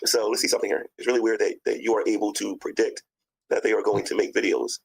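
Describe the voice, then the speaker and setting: A man's voice: fairly low pitch, level tone, fast, gravelly, husky, low-quality recording. A man hosting a casual livestream chat on an online call, joking and laughing often.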